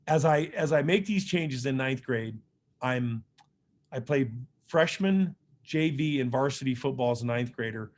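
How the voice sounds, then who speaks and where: A middle-aged motivational speaker tells a personal story in a mid-range voice, going a little slowly. He sounds earnest and loose, full of fillers and restarts.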